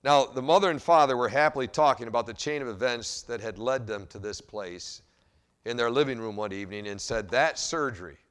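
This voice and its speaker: A male pastor preaching a sermon and telling a story in an animated way, with wide swings in loudness. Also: medium pitch, a little fast, clean tone.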